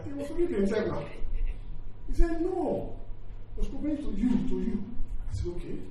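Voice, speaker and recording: A man's voice: high-pitched, dark tone, a little hiss or hum. A middle-aged male pastor preaching a sermon and telling a story, acting out the dialogue and often repeating his words. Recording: echoey hall, mic far off, faint ambience.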